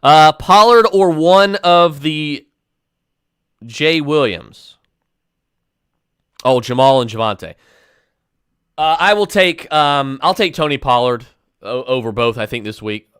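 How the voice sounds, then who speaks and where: A man's voice: fairly high pitch, expressive, slow, pauses often, a bit bright, clean tone, dry recording, studio quality. A man hosting a podcast and firing off fantasy football advice, with emphatic, decisive picks broken up by fillers and restarts. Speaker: podcast host answering listener questions.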